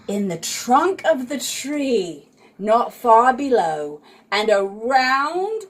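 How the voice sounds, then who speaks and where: A woman reading a children's storybook aloud at home with a child, playful and unhurried. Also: a little high, sing-song, a little hiss or hum.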